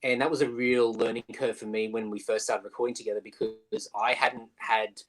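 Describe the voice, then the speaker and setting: A man's voice: mid-range voice, flat delivery, a little fast, rough recording. Chatty man with many restarts. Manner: chatty, lots of fillers and restarts, mimics bandmate. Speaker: musician guest. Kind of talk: casual interview chat. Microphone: video call.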